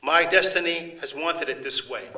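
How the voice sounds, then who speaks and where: A man's voice: a little high, normal speed, pushed and bright, recorded from a distance, voice pushed up, low-quality recording. A man putting on a pleading, devout peasant woman. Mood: imploring. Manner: emotional, imploring.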